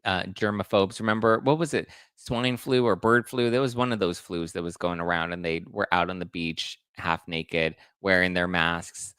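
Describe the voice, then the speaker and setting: A man's voice: low voice, fairly even intonation, moderate pace, hardly any pauses, a bit bright, smooth, no echo, studio quality. A man hosting celebrity gossip commentary, chatting to viewers in a gossipy way while he reacts to photos. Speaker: host.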